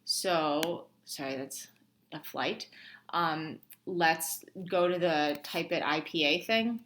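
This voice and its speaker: A woman's voice: sits low, slow pace, a bit bright. A young woman instructor talking through a lab tutorial casually, thinking aloud with many ums and restarts. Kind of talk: screen-recorded lab tutorial.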